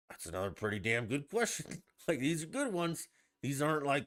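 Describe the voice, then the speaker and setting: Solo podcast host, male, animated, sarcastic, crude edge, lively delivery. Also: mid-range voice, normal speed. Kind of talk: casual solo podcast chat.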